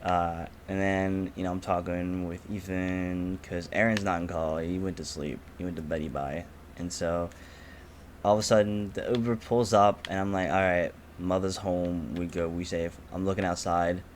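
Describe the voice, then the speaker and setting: Teen male podcast co-host, low voice, profane animated storyteller, faint background noise. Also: normal speed. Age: teens. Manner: animated, profane, acts out quotes loudly. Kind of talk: casual storytelling chat.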